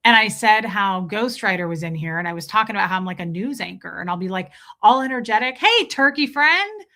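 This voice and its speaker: A woman's voice: fairly low pitch, fairly even intonation, fast talker, sharp tone. A young woman hosting a livestream, chatting casually with her viewers, telling stories and swearing freely. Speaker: livestream host.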